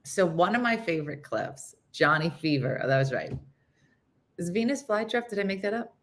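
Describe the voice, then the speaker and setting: Rambling, chatty woman host, lowish voice. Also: expressive, normal speed, a bit bright, a little hiss or hum. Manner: rambling, chatty, loses her train of thought; laughs at her own stories. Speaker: morning show host. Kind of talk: casual chat.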